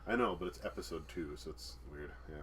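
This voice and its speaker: A man's voice: very deep voice, fairly quick, a bit bright, slight background noise. A man co-hosting a casual podcast chat, joking and laughing often, sometimes trailing off. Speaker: podcast co-host.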